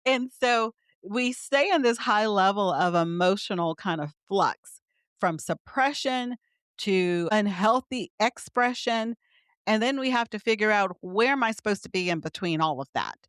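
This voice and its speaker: A woman's voice: mid-range voice, animated, measured pace, fairly bright tone, clean tone, dry recording, studio quality. A middle-aged woman, a physician guest, explaining ideas earnestly in conversation with light laughs. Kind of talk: conversational interview.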